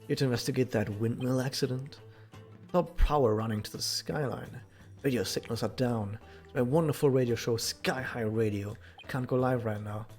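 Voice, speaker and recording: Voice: medium pitch, normal speed, a little mellow, faint music behind, voice pushed down, close to an everyday voice. A streamer voicing a vain male radio-star bird from a game, in a drawling, self-satisfied manner. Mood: smug.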